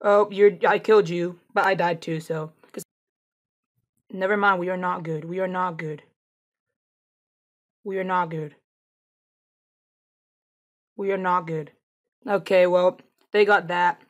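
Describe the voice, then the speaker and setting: Gameplay streamer, woman, chatty and excitable, taunts enemies while she plays. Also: on the low side, unhurried, long pauses. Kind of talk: casual gameplay commentary.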